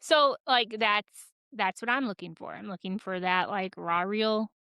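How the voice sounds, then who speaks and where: On a podcast she co-hosts, a woman swaps stories in a casual, lively way full of "like." Her medium-pitched voice is clear and resonant, a little slow, and the recording is dry.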